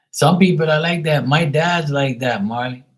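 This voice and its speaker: A tarot reader hosting a livestream rambles casually, swearing a lot and chatting to his dog and his viewers. His voice is on the high side, and the recording quality is low.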